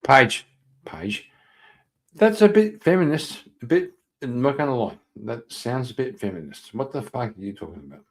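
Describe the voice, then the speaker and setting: A man's voice: mid-range voice, very animated, moderate pace. A man on a live stream trading mocking, teasing banter. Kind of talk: casual chat on a live stream.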